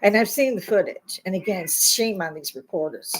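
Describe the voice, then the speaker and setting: A woman's voice: mid-range voice, expressive, normal speed, slight background noise, low-quality recording. An older woman, a self-described grandma on YouTube, ranting bluntly and scolding her listeners with mounting indignation. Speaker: YouTube commentator. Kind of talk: angry political rant.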